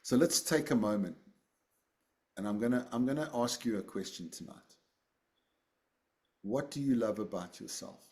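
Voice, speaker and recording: A man's voice: lowish voice, moderate pace, pauses often, a little mellow. A man leading a casual group session over a video call, rambling and self-deprecating, often repeating his words. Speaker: group facilitator.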